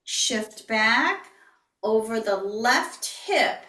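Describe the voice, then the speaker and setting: A woman instructor giving calm, breathy step-by-step movement cues in an online class. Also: a little high, extremely slow. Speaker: yoga and tai chi instructor. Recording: roomy, distant online-class audio.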